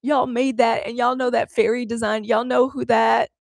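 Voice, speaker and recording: A woman's voice: on the high side, normal speed, gravelly, hardly any pauses, no room sound, clean studio sound. An American woman hosting a live stream, chatting casually with viewers and talking through the app controls as she goes. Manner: chatty, fumbling aloud with app controls, addressing viewers as y'all. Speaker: livestream news host.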